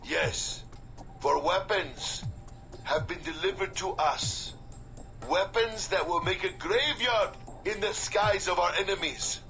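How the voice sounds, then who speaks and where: A grandiose terrorist leader. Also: male voice, sits high, takes it slowly, sharp tone, exaggerated voice. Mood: menacing. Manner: solemn, grandiose proclamations with a put-on foreign accent. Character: menacing male terrorist leader giving a broadcast threat. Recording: game audio with music behind.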